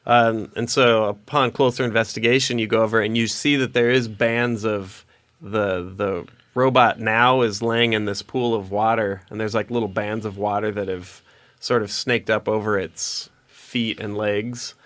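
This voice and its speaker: A man's voice: on the low side, steady tone, moderate pace, fairly bright tone. A man narrating a tabletop game as dungeon master, rambling with lots of fillers. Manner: rambling, many fillers and restarts.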